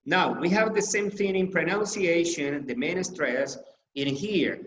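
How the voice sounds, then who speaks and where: A man whose first language is Spanish, teaching English grammar from slides, slowly repeating example sentences and stressing key words. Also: fairly high pitch, fairly bright tone, slight background noise. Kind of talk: slide-based grammar lesson. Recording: echoey room.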